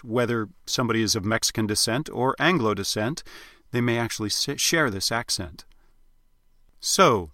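Bright-voiced male accent coach. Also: mid-range voice, no echo, clean studio sound. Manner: clear, explanatory teaching. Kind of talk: recorded accent lesson.

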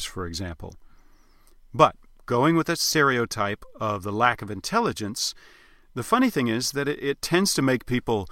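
A man teaching accents as a dialect coach, explaining sounds in a measured, instructional way and demonstrating examples. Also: medium pitch, fairly bright tone, dry recording, clean studio sound. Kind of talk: instructional narration.

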